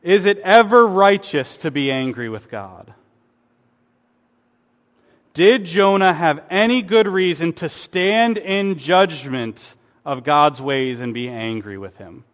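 A man's voice: a little high, animated, slow pace. Man preaching in a reverberant hall. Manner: earnest preaching with rhetorical questions and mock-sarcastic asides. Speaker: pastor. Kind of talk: sermon.

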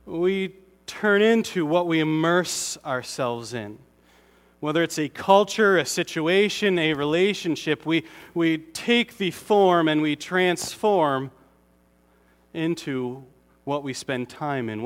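Pastor preaching in a reverberant hall. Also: male voice, a little high, takes it slowly. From Connecticut. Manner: conversational, self-deprecating humor. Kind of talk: sermon.

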